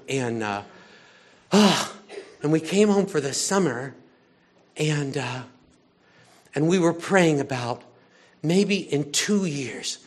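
An older man preaching in a chatty, animated storytelling way, swinging between loud moments and hushed ones. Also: on the high side. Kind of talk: conversational sermon with storytelling.

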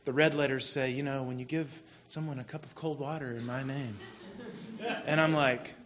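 A man preaching a sermon in a relaxed, conversational storytelling way, with sudden bursts of mock frustration. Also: mid-range voice, normal speed, a little hiss or hum. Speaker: pastor.

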